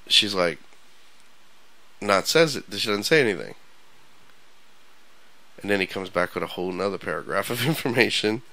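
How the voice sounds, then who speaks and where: A man co-hosting a loose radio chat show, his low voice bright and forceful as he rambles through stories. He restarts sentences often and keeps an animated, storytelling drive. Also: creaky, no echo, rough recording. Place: radio studio.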